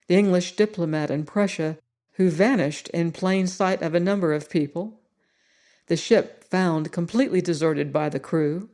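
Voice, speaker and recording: A woman reading a story aloud as an audiobook narrator, steady and unhurried. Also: fairly low pitch.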